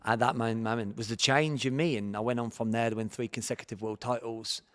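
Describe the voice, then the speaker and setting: A man in his forties with an English accent speaks at a medium pitch, recounting his story with animated bursts of feeling. His voice carries a long hall reverb around it. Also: brisk. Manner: animated storyteller, acts out his own past thoughts. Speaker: guest, martial arts champion. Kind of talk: storytelling podcast interview.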